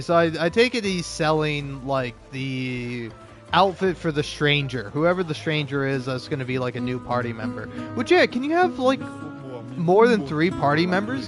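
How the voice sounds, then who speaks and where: A man's voice: a little high, big pitch swings, moderate pace. Man, casual let's-play commentator, jokey and profane, light game music in the background. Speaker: gaming YouTuber.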